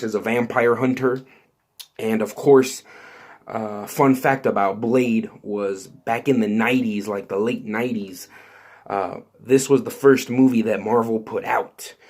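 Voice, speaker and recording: A man hosting his own channel, talking excitedly and rambling with lots of fillers and restarts. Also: fairly low pitch, measured pace. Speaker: YouTube host. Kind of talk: excited casual vlog commentary.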